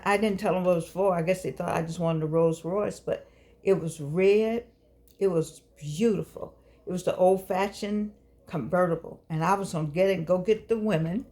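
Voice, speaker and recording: With a lowish, warm voice, an older show host chats casually to the camera. She fusses over her audience, encouraging them while getting a bit preachy.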